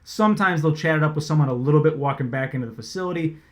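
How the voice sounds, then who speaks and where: A man, a sports reporter, casually telling an animated, swear-laced story about his job. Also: a little high, rapid-fire. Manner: animated, conversational, swears freely.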